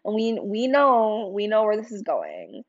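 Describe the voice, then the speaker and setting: A woman's voice: mid-range voice, wildly swooping pitch, a little slow. Young woman podcast host, confiding and raw, curses often, muffled lo-fi sound. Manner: emotional, confiding, swears, lots of "like" and "um". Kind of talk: candid personal storytelling.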